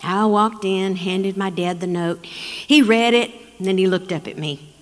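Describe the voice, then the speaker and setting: A woman's voice: medium pitch, measured pace. Woman, storyteller, from Texas, dramatic pacing, live performance, long reverb.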